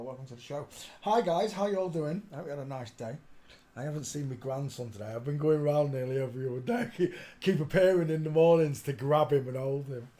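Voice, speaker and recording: A man's voice: mid-range voice, mellow. An older man hosting a rambling live stream from his home desk, chatting, greeting viewers and humming to himself as he clicks around. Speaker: livestream host.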